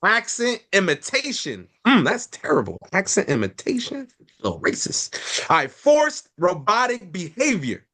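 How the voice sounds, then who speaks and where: A man's voice: sits high, wildly swooping pitch, moderate pace, sharp tone. A man from a sales team reading the training slides aloud, adding wry asides.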